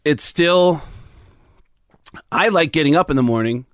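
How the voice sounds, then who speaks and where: A comedian appearing as a podcast guest tells stories in a relaxed, easygoing chat, stumbling over plenty of fillers. He speaks a little slowly in a fairly high voice, captured with clean studio sound and no echo.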